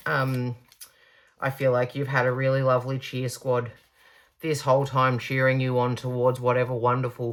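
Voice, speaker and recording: A woman's voice: rumbling low, a bit bright. A woman giving a pick-a-card tarot reading, gushing and reassuring, stretching out her emphatic words.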